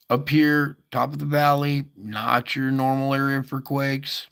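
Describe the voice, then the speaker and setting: A man's voice: mid-range voice, flat delivery, measured pace, vocal fry, fairly bright tone, clear, resonant tone. A man hosting a casual earthquake update, thinking aloud over maps with many fillers and asides. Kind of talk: casual screen-share commentary.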